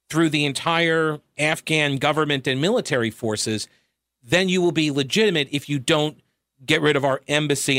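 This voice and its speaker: A man's voice: on the high side, a bit bright, no room sound. A man hosting a talk radio show, giving sarcastic commentary with wry laughs into a studio microphone.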